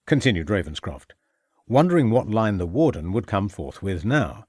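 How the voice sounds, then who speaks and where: Man narrating a crime audiobook, expressive pitch. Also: moderate pace, no echo, studio quality. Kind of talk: scripted narration.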